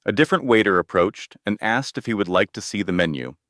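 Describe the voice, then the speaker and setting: A man narrating a scripted dramatic story in a measured storytelling manner. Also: lowish voice, expressive, fairly bright tone, no room sound, clean studio sound.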